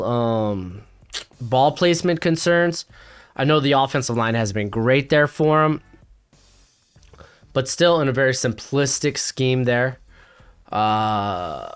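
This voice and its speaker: A man hosting a casual solo sports reaction from home, excitable and rambling with many fillers. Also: mid-range voice, clear, resonant tone. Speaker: sports commentary host. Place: home, with a dog nearby.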